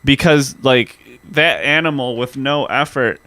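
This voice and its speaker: A man co-hosting a podcast in casual comedic chat, profane and graphic, with frequent halting restarts. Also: medium pitch, bright, forceful tone, dry recording. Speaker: podcast co-host.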